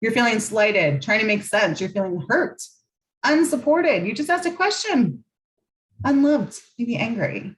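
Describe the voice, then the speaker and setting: A woman's voice: fairly high pitch, big pitch swings, measured pace, poor audio. A woman relationship coach giving a guided coaching talk in a soothing, affirming, earnest way.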